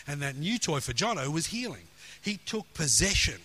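A middle-aged man preaching a sermon, telling stories with earnest emphasis and dropping soft for quoted prayer. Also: on the high side, animated, a little fast, husky.

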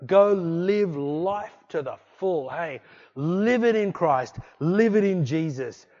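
A man preaching a sermon, exhorting with repeated refrains and swinging between loud bursts and hushed passages. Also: high-pitched, lively intonation, slow, highs cut off. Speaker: pastor.

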